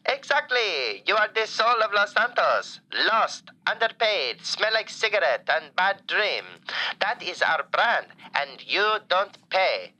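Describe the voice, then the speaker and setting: An effusive falafel shop owner. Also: male voice, high voice, slow, exaggerated voice. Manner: effusive, broken grammar, playful deadpan jokes. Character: doting male falafel shop owner, flamboyant. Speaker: caller.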